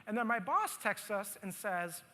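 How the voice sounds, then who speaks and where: A man speaking at a conference, telling a story from his own life in an animated way and acting out his own grumbling. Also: high-pitched, measured pace. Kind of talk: storytelling talk on stage. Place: conference hall stage. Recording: long hall reverb.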